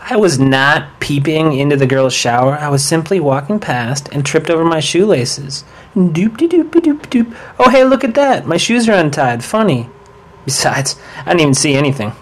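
An actor playing a laid-back teen rocker slacker who keeps calling people dude and bro. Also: male voice, fairly high pitch, moderate pace, lightly acted. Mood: easygoing.

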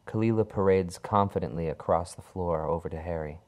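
A man reading a horror story aloud in a dark, measured storytelling manner. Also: sits low. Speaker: narrator.

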